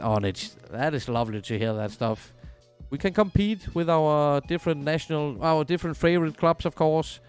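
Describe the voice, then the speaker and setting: A man's voice: fairly high pitch, normal speed, a little mellow, clear, resonant tone, soft background music. Chatty man streaming a football game. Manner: chatty, reads viewer messages aloud. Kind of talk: casual game livestream chat.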